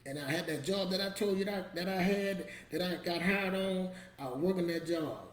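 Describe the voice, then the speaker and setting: A man's voice: high voice, moderate pace, roomy sound. A man giving a motivational talk to camera in a preachy, emphatic, street-casual storytelling manner. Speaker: motivational vlogger.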